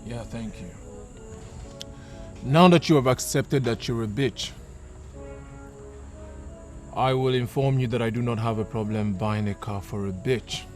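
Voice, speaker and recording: A man's voice: mid-range voice, measured pace, pauses often, lightly acted. A man playing an arrogant, crude man who speaks down to a woman. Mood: condescending. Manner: condescending, insulting. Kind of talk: film drama acting. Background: film score music.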